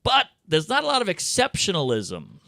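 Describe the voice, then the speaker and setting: Animated bright-voiced man. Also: sits high, moderate pace, creaky, no room sound, clean studio sound. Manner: riffing, puts on voices for quoted people. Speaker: podcast co-host. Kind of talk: casual comedic chat.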